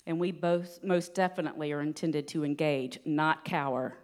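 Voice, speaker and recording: A woman giving a sermon in an earnest, steady teaching manner, with light laughs now and then. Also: low voice, normal speed. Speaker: preacher.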